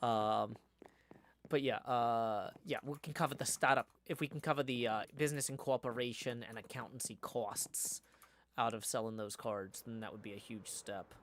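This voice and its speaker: A man's voice: mid-range voice, moderate pace, a little hiss or hum. A man chatting casually on a live stream, reading viewer comments aloud and answering them in a rambling way.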